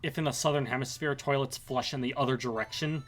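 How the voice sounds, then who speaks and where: A man's voice: mid-range voice, fairly even intonation, fast, over music. A young man co-hosting a casual gaming chat, telling long rambling stories full of "like" and restarts. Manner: rambling, many fillers and restarts. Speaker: podcast co-host.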